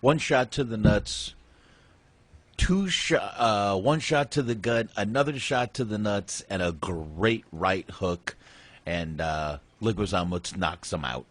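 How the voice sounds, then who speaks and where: A man's voice: on the low side, slow pace, a bit bright, dry recording. A man hosting a casual movie review podcast, retelling scenes in a rambling, profane way. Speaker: podcast host.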